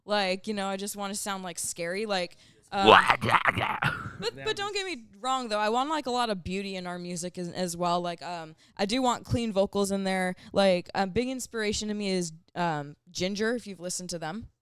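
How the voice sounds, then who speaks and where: A woman's voice: mid-range voice, animated, normal speed, clean tone, dry recording. Young woman podcast guest, metal singer, casual and talkative, clean resonant tone. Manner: chatty, many fillers, laughs easily.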